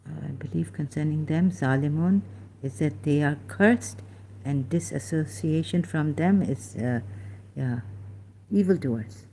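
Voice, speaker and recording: Low-pitched and dark in tone, a woman speaks a little slowly with slight background noise behind her. She is an ex-Muslim commentator talking casually to camera while looking up verses, thinking aloud hesitantly with many fillers and restarts.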